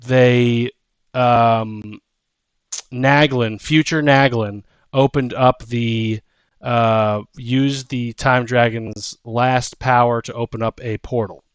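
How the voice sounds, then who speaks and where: Guy dm narrating slow, lots of ums, clean dry mic. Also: medium pitch, steady tone, clean tone, dry recording, highs cut off. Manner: unhurried, with frequent ums and restarts. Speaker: game master. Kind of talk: narrating a tabletop game.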